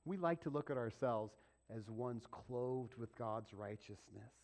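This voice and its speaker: A man preaching a sermon as pastor, swinging between loud, emphatic peaks and hushed whispers. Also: mid-range voice, lively intonation, unhurried.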